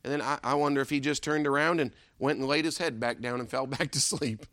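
A man preaching a sermon, emphatic and rhetorical, repeating a refrain question and dropping low and soft on key lines. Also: fairly even intonation, fast talker, no echo, studio quality.

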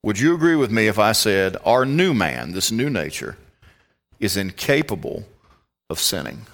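A man's voice: lowish voice, big pitch swings, moderate pace, fairly bright tone. A man with a Southern American accent preaching a sermon as pastor in a church, folksy and conversational, often quizzing his congregation.

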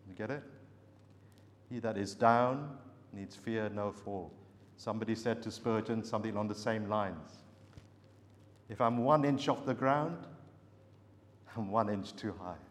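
A man preaching a sermon, slow and emphatic, repeating his key phrases. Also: lowish voice. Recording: long hall reverb.

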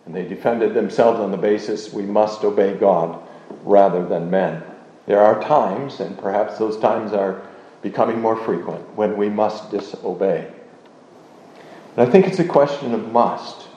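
A man's voice: fairly low pitch, mellow, a little hiss or hum. Man teaching doctrine in a roomy hall. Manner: measured, deliberate, with frequent uh fillers. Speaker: teacher of a confession. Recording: roomy, dull lo-fi recording.

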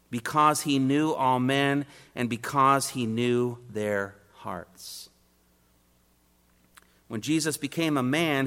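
Male preacher, expository sermon, emphatic triads, bright and forceful, long hall reverb. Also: medium pitch. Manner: emphatic, builds points in repeated rhetorical triads.

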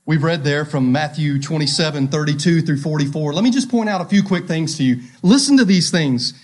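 A man's voice: on the high side, a little fast, darkish tone. A man preaching a sermon, emphatic and repeating his key phrases, reading scripture aloud with drama.

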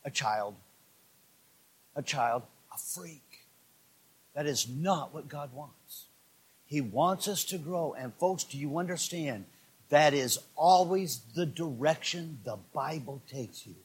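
A male pastor in full sermon mode with a slightly husky voice that sits a touch high for a man. He drops to near-murmured asides, then climbs into loud, pumped-up preaching. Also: measured pace. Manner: swings from low asides to shouted, fired-up preaching.

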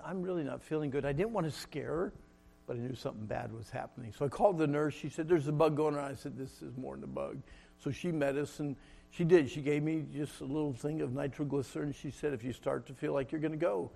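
Gravelly middle-aged man preaching. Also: mid-range voice. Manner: storytelling, swings from loud and laughing to hushed and solemn. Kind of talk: sermon.

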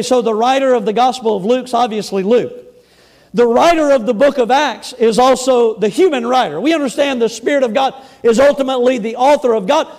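A pastor preaching a sermon, emphatic, repeating words and stressing key phrases slowly and loudly. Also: male voice, extremely high pitch. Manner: emphatic, repeats words, shifts between loud bursts and slow stresses.

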